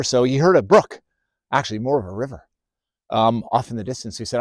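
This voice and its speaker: A man narrating an improvised story for children in a relaxed, loose way with fillers. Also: medium pitch, brisk, dry recording, clean studio sound.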